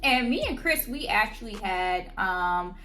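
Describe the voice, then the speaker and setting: A young adult woman telling a personal story on her channel, in a slangy, animated way. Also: mid-range voice, unhurried, faint music behind. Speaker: vlogger. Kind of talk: casual storytime.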